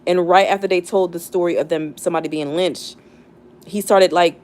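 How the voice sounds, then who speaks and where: Chatty and reflective, this young woman streams live and keeps her talk loose, stumbling through fillers and restarts as she verges on tears. She's American but not Southern, with a voice a bit low for a woman, darkish in tone, at a moderate pace and with fairly even intonation.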